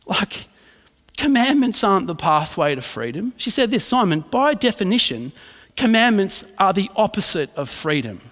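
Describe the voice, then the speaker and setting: A man's voice: high-pitched, fairly bright tone. A man, a pastor preaching a sermon in a casual storytelling way, often checking in with "right?". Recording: reverberant hall.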